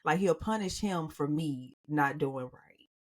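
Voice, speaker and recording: Woman podcast co-host, deep low voice, earnest, halting casual talk. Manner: earnest, searching for words. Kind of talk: casual chat.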